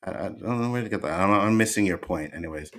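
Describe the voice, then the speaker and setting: A man with a low, deep voice and a Canadian accent touched with Jamaican slang, hosting a livestream. He answers his chat emphatically, hammering the same points again and again. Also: fast, a bit bright. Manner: emphatic, repeats points, argues back. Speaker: host. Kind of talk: livestream commentary reacting to chat.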